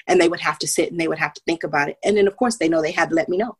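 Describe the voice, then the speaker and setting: A woman's voice: sits low, racing, husky. A woman speaking earnestly and reflectively in a candid casual conversation.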